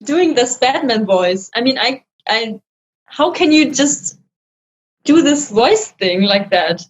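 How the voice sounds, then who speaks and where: A woman's voice: a little high, animated, slow pace, lo-fi sound. A woman, a podcast guest in casual chat who laughs often between her phrases.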